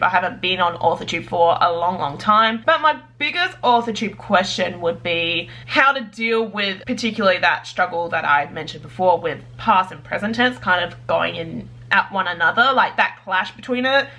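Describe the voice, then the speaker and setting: A woman with a bright, sharp-edged voice talks casually to her camera about her writing. She is chatty and bubbly and scatters "like" through her sentences. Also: medium pitch. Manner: chatty and bubbly, full of "like" fillers. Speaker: writer vlogger.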